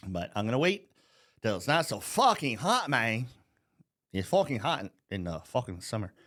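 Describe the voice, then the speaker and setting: A man's voice: medium pitch, very animated, moderate pace, bright, forceful tone. Swearing American man on a heated rant. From United States. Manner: heated, swearing constantly, mocking. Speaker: vlogger. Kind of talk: profane political rant.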